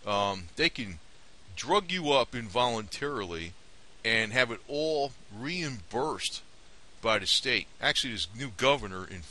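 A man rambles through an indignant, conspiratorial rant to his viewers. His voice sits low but swings widely in pitch, with a sharp, tense edge. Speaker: vlogger. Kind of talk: casual opinion rant to camera.

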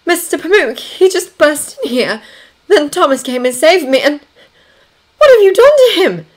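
A woman reading aloud voices a spirited, theatrical young aristocratic lady, with high, loud, breathless cries. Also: very animated, takes it slowly, full character voice. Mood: trembling.

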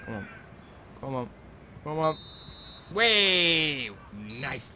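A young man talks through his football game in a lively, bouncy voice that swings up and down in pitch. He cheers his players on, swears when things go wrong and sits a little higher than most men. A faint hiss runs underneath. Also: takes it slowly, pauses often. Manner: excitable, shouts encouragement and swears at players. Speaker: gaming channel host. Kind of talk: casual gameplay commentary.

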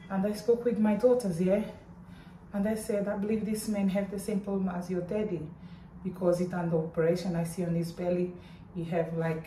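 A middle-aged woman vlogging casually in while in pain after surgery, talking in a strained, halting way with groans. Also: medium pitch, dark tone, distant mic, a little hiss or hum. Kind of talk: casual vlog. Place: hospital room. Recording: echoey room, voice off-mic at times.

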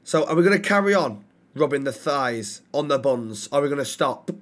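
A man streaming game roleplay as a restaurant manager, animated and swearing. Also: medium pitch, normal speed. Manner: animated, swearing, mock-stern.

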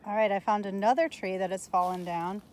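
A woman leads a nature lesson for children as she walks a forest trail, asking her viewers curious questions. Her voice sits at a middling pitch. It is recorded outdoors on a handheld phone, with faint forest ambience behind her. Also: steady tone, fairly quick, a little mellow, a little hiss or hum. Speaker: teacher.

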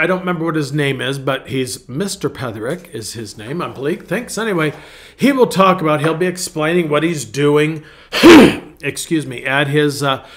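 Guy pastor rambling thru a laid-back devotional, kinda high voice, keeps backtracking. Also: fairly bright tone. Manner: rambling, self-correcting, clears throat. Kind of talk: casual devotional talk.

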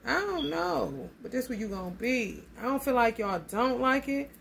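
A woman's voice: a little high, normal speed, vocal fry, slight background noise. A woman giving a casual tarot reading in a blunt, emphatic way, swearing freely and calling her listeners honey. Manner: emphatic and animated. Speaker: tarot reader.

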